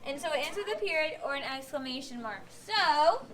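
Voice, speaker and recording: A woman's voice: sits high, animated, brisk, fairly bright tone, slight background noise. A woman teaching young pupils in a classroom, patiently asking questions and acting out example sentences. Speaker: elementary school teacher. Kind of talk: classroom instruction.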